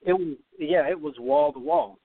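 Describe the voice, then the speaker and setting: A man with a slightly high voice tells a long story as an interview guest, animated and prone to restarting his words. The sound is dry and narrow, like a call coming through a phone, with no room around him. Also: normal speed, vocal fry, no room sound. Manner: animated, repeats words while telling a story. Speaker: podcast guest, former tennis player.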